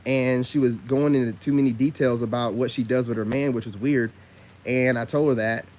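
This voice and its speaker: A man giving a casual monologue to camera about narcissism, loose and full of slang, who jumps sharply up in pitch when he gets indignant. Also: steady tone, a little fast, a little mellow, slight background noise. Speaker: online commentator on narcissism.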